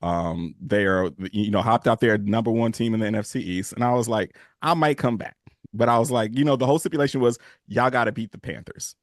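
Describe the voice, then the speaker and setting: A man co-hosting a podcast, telling a fan story in casual sports chat, animated and swearing freely. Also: lowish voice, a little fast, no echo, studio quality. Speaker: podcast co-host.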